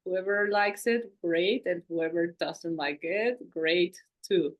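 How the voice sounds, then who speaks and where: Slow, reflective woman podcast host. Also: lowish voice. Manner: reflective, rambling, many "like" fillers. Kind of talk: casual conversational podcast chat.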